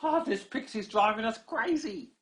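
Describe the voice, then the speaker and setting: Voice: mid-range voice, expressive, moderate pace, voice pushed up, close to an everyday voice. An adult voicing a band of small, frazzled goblins in a bedtime story, pleading and grunting "gob, gob" between complaints.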